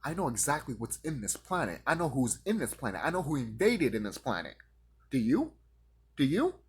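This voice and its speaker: Guy swearing up a storm in a rant, husky voice, pitch jumping all over. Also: sing-song, a little fast. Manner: confrontational, swearing, mocking imagined critics in high voices. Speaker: vlogger ranting to camera. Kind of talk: profane conspiratorial rant.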